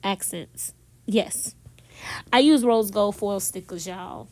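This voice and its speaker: A woman recording a casual, chatty voiceover in her bedroom, talking softly, laughing at herself and speaking straight to her viewers. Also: mid-range voice, slow. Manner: talks softly so as not to disturb someone nearby. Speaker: planner vlogger. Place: bedroom at home.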